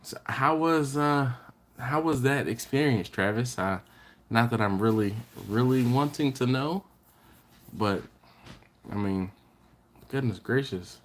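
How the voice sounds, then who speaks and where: A man with a medium-pitched, expressive voice hosts a barbecue live stream from home, speaking slowly with long pauses over a faint hiss or hum. He chats casually and rambles, often restarting and correcting his sentences as he reads viewer comments. He warmly thanks people by name.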